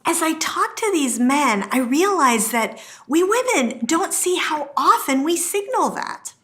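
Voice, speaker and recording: A middle-aged woman teaching a marriage course, telling stories and acting out quotes with a lively delivery. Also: high voice, unhurried. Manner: lively storytelling, acts out quotes. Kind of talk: teaching talk to camera.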